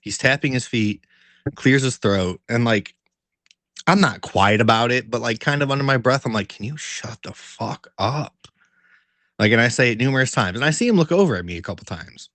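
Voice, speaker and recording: A man's voice: mid-range voice, a little fast, dry recording. Man telling a story in a dry room. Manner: animated, profanity-heavy storytelling with many fillers; laughs while telling the story. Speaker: podcast co-host. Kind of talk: casual chat.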